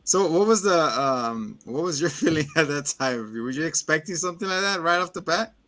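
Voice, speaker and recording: A man hosting a casual movie review chat, retelling scenes with animated energy. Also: fairly high pitch, brisk. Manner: animated storyteller, acts out scenes in voices. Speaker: podcast host.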